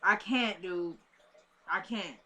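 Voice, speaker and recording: A woman's voice: lowish voice, slow pace, sharp tone. A woman casually recapping a TV episode for her viewers, chatty and drifting into asides, calling them "y'all".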